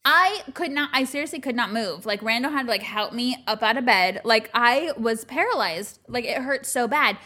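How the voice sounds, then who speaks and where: High, lively woman telling animated stories. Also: normal speed, hardly any pauses. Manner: animated storytelling, laughing, swearing. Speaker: podcast co-host. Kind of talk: casual chat.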